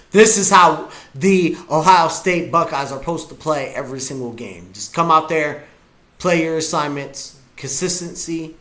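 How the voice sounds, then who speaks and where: A man reacting to a football game as a fan, hyped and often shouting his cheers. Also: on the high side. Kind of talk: live game reaction vlog.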